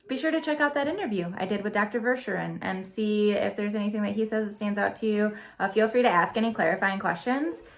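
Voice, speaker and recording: A woman in her thirties, a Catholic vlogger chatting to viewers in an earnest, gentle way, with frequent ums and soft laughs. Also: lowish voice. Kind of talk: casual chat to viewers.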